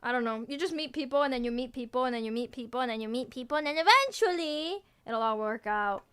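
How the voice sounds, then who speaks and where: Here a young woman VTuber answers viewers in casual chat, quick-paced and clean in tone, her fairly high voice keeping a steady intonation. She stays playful and teasing, laughs frequently, and keeps cutting off her own sentences.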